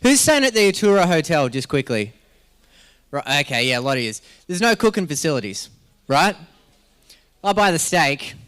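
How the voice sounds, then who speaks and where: A man's voice: on the high side, big pitch swings, moderate pace, long pauses, a bit bright, clean tone. An Australian man hosting a live event as MC, joking and rambling through stories while laughing often. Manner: joking, rambling storyteller who laughs a lot. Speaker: MC at a health summit.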